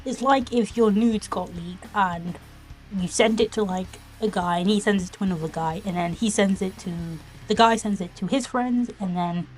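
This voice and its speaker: A woman's voice: mid-range voice, normal speed, faint music behind. A woman casually reviewing online videos, retelling the plot in a rambling, giggly, exclamatory way.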